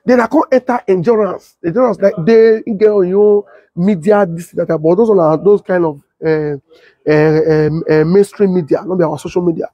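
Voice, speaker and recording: A young adult man with a Nigerian Pidgin English accent, telling a story and acting out the voices of others in a husky tone. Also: normal speed, no echo, dull audio. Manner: switches to high excited voice when quoting others. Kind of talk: animated storytelling with acted-out quotes.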